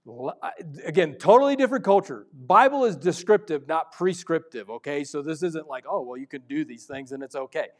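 A male pastor preaching a sermon, moving between loud urgent stretches and hushed, intimate ones. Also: on the high side, lively intonation, fairly quick, few pauses.

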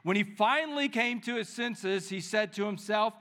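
A man preaching, who reads the scripture with lively dramatic emphasis and leads prayer in a soft, slow voice. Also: sits high. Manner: prays softly and slowly. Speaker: pastor. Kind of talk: sermon with Bible reading and prayer.

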